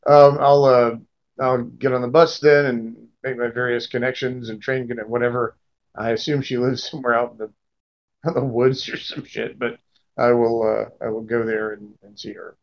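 A man's voice: mid-range voice, flat delivery, normal speed, dull audio. A man playing a tabletop role-playing game, jokey and stumbling over his words. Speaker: player. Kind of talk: casual tabletop play.

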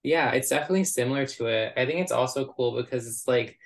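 A man co-hosting a music podcast, talking in a relaxed, loose way with lots of "like". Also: medium pitch, fast, gravelly. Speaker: podcast co-host. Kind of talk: casual chat.

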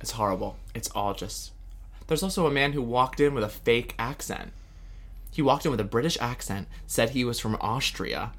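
A man's voice: medium pitch, normal speed, fairly bright tone. A man co-hosting a casual pop-culture podcast, catty and theatrical, swearing a lot and mimicking the people he talks about. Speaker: podcast co-host.

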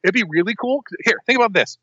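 A man with a bright, somewhat high voice co-hosts a casual podcast chat. He rambles in an animated way, often cutting himself off to restart. The sound is dry and a little dull, like a lo-fi recording. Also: fast, husky, no echo. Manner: rambling, animated, self-interrupting. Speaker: podcast co-host.

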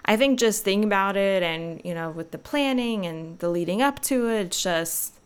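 A woman's voice: mid-range voice, moderate pace, clean tone. A young woman hosting a podcast, chatting casually and rambling with lots of fillers. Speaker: podcast host. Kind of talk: casual solo podcast chat.

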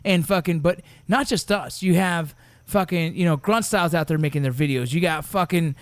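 A man's voice: on the high side, normal speed, no echo. A man hosting a podcast in casual, profane interview chat, full of fillers. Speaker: podcast host.

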